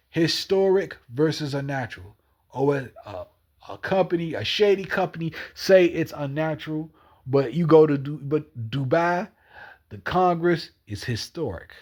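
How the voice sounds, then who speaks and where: Young male vlogger, repetitive rambling monologue, slightly high voice. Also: darkish tone. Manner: repetitive, rambling, repeats phrases over and over.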